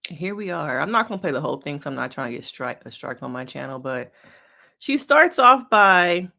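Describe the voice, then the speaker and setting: Lively, bright-voiced woman therapist chatting. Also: deep voice, moderate pace, vocal fry. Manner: expressive, chatty, talks straight to viewers; slangy and playful. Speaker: licensed therapist reacting to a reality show. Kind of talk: casual reaction commentary.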